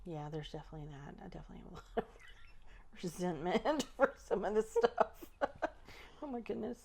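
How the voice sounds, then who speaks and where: A woman who works as a spiritual healer, talking thoughtfully on a podcast, often trailing off and restarting, with soft laughs. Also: fairly low pitch, very animated, a little fast, creaky, a crowd in the background. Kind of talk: casual podcast conversation.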